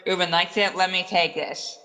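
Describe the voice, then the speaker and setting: A man's voice: high-pitched, level tone, moderate pace, pushed and bright, in a large hall. A man co-hosting a casual podcast, joking and pushing the talk along. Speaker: podcast co-host.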